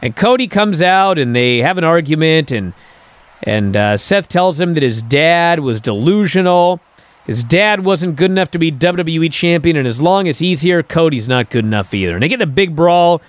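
A man's voice: on the high side, moderate pace, no echo. A male podcast host giving a casual, incredulous recap, filled with "uh" and "and so". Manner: animated, incredulous storytelling with many fillers.

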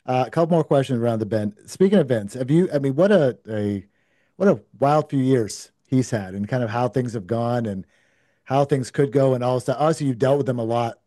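Host: middle-aged man, mellow voice, halting questions, dry close sound. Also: mid-range voice, no room sound. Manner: hesitant, stumbling restarts before questions. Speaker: podcast host. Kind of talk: casual interview.

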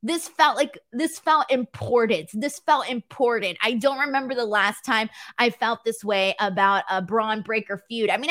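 A woman's voice: medium pitch, fairly bright tone. A woman from California with a Valley girl accent, hosting a wrestling show in a casual, self-mocking livestream chat with her viewers.

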